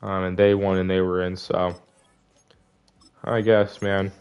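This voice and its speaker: A man's voice: low voice, flat delivery, a little slow, a little mellow, clear, resonant tone. A young man giving casual gameplay commentary, frustrated and disappointed as he rambles through season stats. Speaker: gaming video creator.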